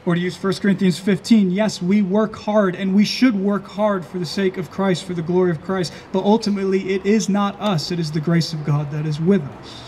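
A pastor preaching an earnest sermon, slowing down and stressing key phrases. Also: male voice, sits high, fairly even intonation, a little mellow, a little hiss or hum.

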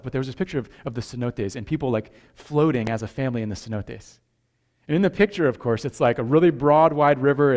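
A man delivering a sermon as a lively, conversational story. His voice sits a bit high, and he piles up fillers and repeated words. At the tense parts he grows louder and climbs higher in pitch. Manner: animated storyteller who gets louder and higher at tense moments. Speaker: pastor.

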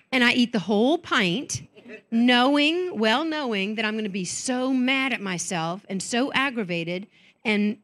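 A woman's voice: on the high side, a bit bright. A woman speaking at a women's conference. She tells candid, self-mocking stories and acts out the voices of the people she quotes. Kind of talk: conference talk.

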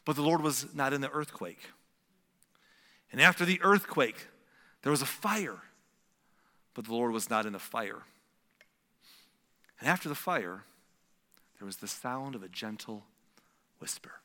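A man preaching a sermon as a pastor, swinging from loud emphatic lines to hushed whispers. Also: medium pitch. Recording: long hall reverb.

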